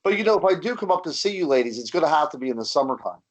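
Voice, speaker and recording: A man's voice: fairly high pitch, animated, rapid-fire, a loud crowd, poor audio. A man guesting on a radio show over a video call, joking and self-deprecating. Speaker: guest researcher. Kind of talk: casual interview chat.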